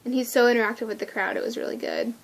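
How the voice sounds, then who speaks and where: Woman vlogger with a slightly high voice, excitable and gushing, casual storytelling with frequent laughs. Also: racing.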